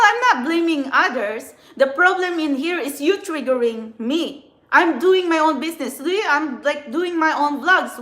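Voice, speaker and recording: A woman's voice: high-pitched, pushed and bright, echoey room. A woman tarot reader vlogging an angry, rambling rant, swearing often and filling her talk with "like" and restarts. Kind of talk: angry ranting monologue.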